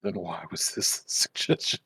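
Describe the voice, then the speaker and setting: A man playing in a tabletop game, making dry, deadpan jokes at the others. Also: low-pitched, measured pace, slight background noise. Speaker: player. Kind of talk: casual chat during a tabletop game.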